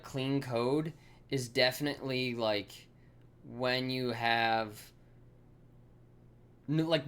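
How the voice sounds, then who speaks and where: A man's voice: mid-range voice, a bit bright. A man thinking aloud as he codes on a live stream, full of fillers and self-corrections, swearing casually and laughing at himself.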